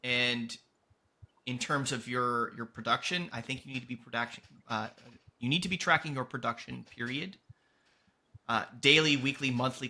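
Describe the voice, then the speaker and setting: A man with a mid-range voice and sharp tone hosts a podcast as a coach, giving earnest, emphatic motivational advice. He keeps it casual and swears now and then.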